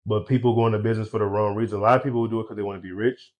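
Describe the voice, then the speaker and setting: A young man with a fairly low voice talks through an interview in an easygoing way. He drops casual slang and laughs often. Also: rapid-fire, dull audio. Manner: relaxed, laid-back slang, laughs often. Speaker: guest, eyewear brand founder.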